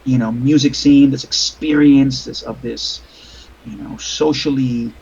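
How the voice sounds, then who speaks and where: A man's voice: mid-range voice, steady tone, a little slow, creaky, a little mellow, husky, highs cut off. A man narrating as game master of a tabletop game over a voice call, rambling with many fillers and restarts.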